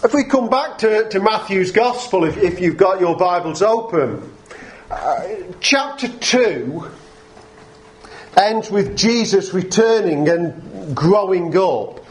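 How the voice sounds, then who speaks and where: A man preaching a sermon to a congregation, talking in an unhurried way with frequent fillers and restarts. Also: high voice, lively intonation, a little hiss or hum.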